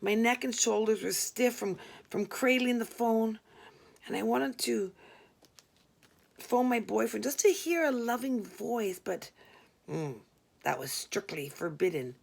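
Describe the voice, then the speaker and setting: A woman's voice: fairly high pitch, a little slow, vocal fry. A woman narrating a first-person story in a dry, wry manner. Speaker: audiobook narrator.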